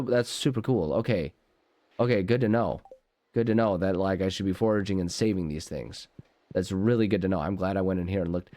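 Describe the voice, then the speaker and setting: This gaming channel host has a low, mellow voice and speaks fairly quickly, with no echo on the recording. He rambles goofily through casual let's play commentary, frequently interrupting himself, while game music plays.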